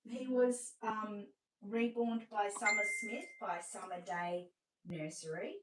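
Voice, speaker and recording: An Australian woman hosting a live-stream sales showcase, chatty and gushing, often dropping to a hushed voice. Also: mid-range voice, slow pace, distant mic, heavy background noise. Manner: chatty, gushing, drops to a hushed voice over sweet babies. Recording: roomy sound, away from the mic.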